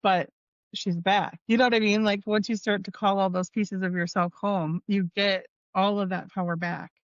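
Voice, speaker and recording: Woman guest, casual and earnest, mid pitch, slightly muffled lo-fi audio. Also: steady tone, normal speed, no echo. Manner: earnest, fillers like "you know what I mean". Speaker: podcast guest. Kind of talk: casual heartfelt chat.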